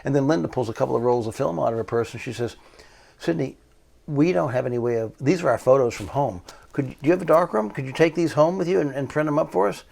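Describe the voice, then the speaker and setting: A male photographer telling stories in an interview, animated, acting out what others said. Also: medium pitch, fast talker, gravelly. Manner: animated anecdotal storytelling, acts out quoted voices. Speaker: photographer guest. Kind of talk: storytelling interview.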